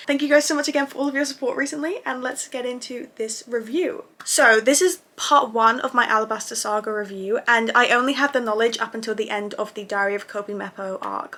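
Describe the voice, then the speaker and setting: A woman casually reviewing anime episodes for her channel, gushing and excitable and swearing freely. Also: fairly high pitch.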